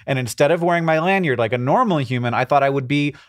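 A man's voice: on the high side, lively intonation, fast, dry recording, studio quality. A man in his thirties with an American accent, explaining animatedly in casual podcast chat, with many fillers. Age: 30s. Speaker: podcast co-host.

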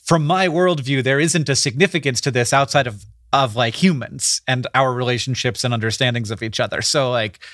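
A man's voice: mid-range voice, fairly quick, few pauses, fairly bright tone, no echo, clean studio sound. A man co-hosting a podcast, chatting casually and rambling with lots of fillers. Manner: rambling, full of "like" fillers, laughs easily. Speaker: podcast co-host. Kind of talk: casual chat.

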